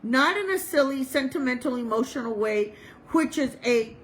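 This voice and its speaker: A woman chaplain giving an informal sermon, reading passages slowly and then telling a personal story with fillers and restarts. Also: high voice, lively intonation, a little hiss or hum, rough recording. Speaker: chaplain and reverend.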